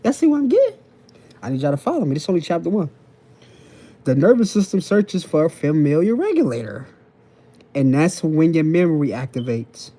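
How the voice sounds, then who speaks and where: A man's voice: fairly high pitch, very animated, fairly quick, mellow. A man hosting a phone live stream, lecturing viewers in casual slang and repeating each point while checking in with them. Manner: repetitive, preachy, keeps checking in with the audience. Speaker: TikTok live host.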